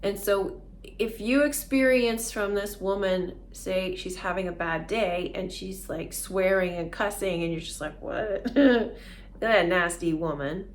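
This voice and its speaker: A woman's voice: mid-range voice, measured pace, a little hiss or hum. A woman vlogger talking casually and earnestly through a self-help idea, often laughing as she explains.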